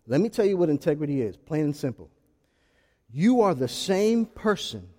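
A man preaching a sermon to his congregation in a lively, animated way, asking rhetorical questions and acting out short exchanges. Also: sits high, long reverb tail.

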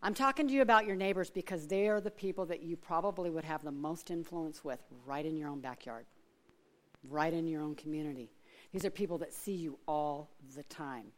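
A woman's voice: low-pitched, a little fast. A middle-aged woman from Alaska giving a chatty sermon full of personal stories, laughing often and acting out other people's voices. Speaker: church speaker.

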